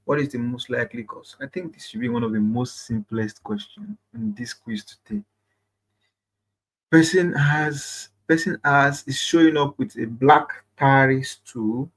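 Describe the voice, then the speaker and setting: Male quiz host, mid-pitch, talkative, repeats questions and cheers viewers on. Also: a bit bright, breathy edge, low-quality recording. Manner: repeats phrases, chatty, encouraging. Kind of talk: live online quiz reading.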